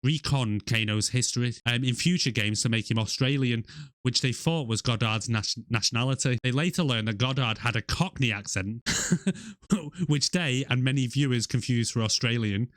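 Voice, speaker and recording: A man's voice: mid-range voice, moderate pace, a bit bright, no echo, studio quality. A man from Britain, co-hosting a casual movie review podcast, laughing often and keeping it loose. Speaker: podcast co-host.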